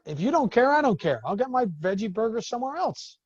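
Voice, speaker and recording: A man, a business coach, talking to business owners in an animated way and acting out the people in his stories. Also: very high voice, fairly quick, slightly rough, dry recording, lo-fi sound.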